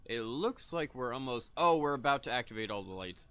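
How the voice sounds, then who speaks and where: A man's voice: mid-range voice, expressive, a little fast, pushed and bright, smooth, no echo. A young man casually rambling through live gameplay commentary, laid-back and often chuckling, with the odd cough. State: coughing between lines. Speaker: gaming streamer.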